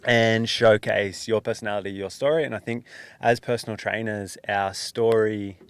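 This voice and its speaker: A man's voice: lowish voice, steady tone, moderate pace, clear, resonant tone, no room sound. A young man hosting a casual podcast interview in a small studio, laid-back and chatty, calling his guest mate. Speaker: podcast host, personal trainer.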